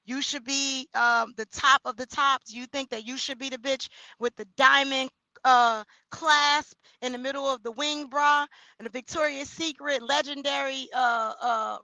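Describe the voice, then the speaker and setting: A woman's voice: high voice, dry recording, low-quality recording. A woman hosting her own livestream, talking loosely and expressively with slangy asides to her viewers. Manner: loud, expressive, slangy, talks straight to viewers. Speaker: livestream host. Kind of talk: casual livestream chat reading comments.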